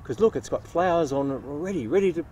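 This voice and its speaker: A nurseryman hosting a casual gardening demonstration patiently explains how to grow tomatoes outdoors at his nursery, playing the straight man. His voice is on the high side, expressive, fast and mellow, with a slight hiss or hum in the recording.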